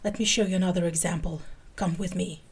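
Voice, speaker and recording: A woman's voice: on the low side, steady tone, fast, slightly rough. A woman voicing an impatient, theatrical male rogue agent in a fan-fiction reading, exasperated and conspiratorial.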